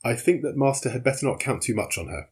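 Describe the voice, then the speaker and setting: A cool-headed young manservant speaks in a polite, formal, unhurried way, as a husky-voiced man puts him on. The voice sits a little higher than the reader's own. He sounds steady and unflappable in this storybook reading. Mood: composed. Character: calm, loyal young male servant, unflappable.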